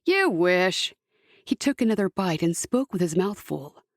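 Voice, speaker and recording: A woman's voice: lowish voice, animated, moderate pace, dark tone, dry recording. Woman narrating an audiobook, dry booth. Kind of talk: scripted narration.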